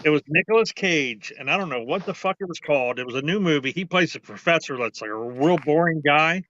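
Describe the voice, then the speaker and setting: A man's voice: on the high side, lively intonation, brisk, bright, forceful tone. A man co-hosting a casual podcast, telling rambling, profane, joking stories. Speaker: podcast co-host. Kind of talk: casual crude banter. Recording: dull, dry lo-fi audio.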